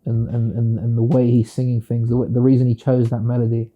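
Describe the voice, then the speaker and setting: A British singer-songwriter speaking in a casual interview, reflective and playful, often slipping into quoted voices. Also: male voice, mid-range voice, monotone, a little fast, phone-quality sound. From United Kingdom.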